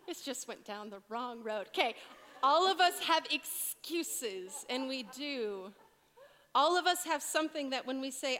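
A woman preaching a sermon, earnest and emphatic, dropping to a hush on key points. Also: sits high, expressive, normal speed, big-room sound, some chatter behind.

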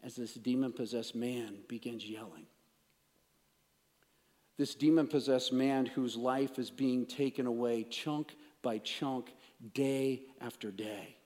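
A man preaching a sermon, emphatic, swinging between raised declarations and hushed, intense passages. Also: mid-range voice, fairly even intonation, slow pace. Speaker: pastor. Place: church sanctuary. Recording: long reverb of a large hall.

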